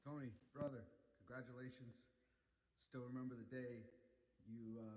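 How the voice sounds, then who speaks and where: Guy with a lowish voice, sincere, kinda halting with lots of uh's, recorded video message. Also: a little mellow. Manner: halting and sincere, frequent uh fillers. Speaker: retired Navy chief giving a video tribute.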